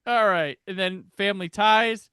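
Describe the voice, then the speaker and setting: A man's voice: high voice, normal speed, sharp tone, clear, resonant tone, no echo, clean studio sound. A man hosting a casual podcast, joking and rattling off lists. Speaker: podcast host.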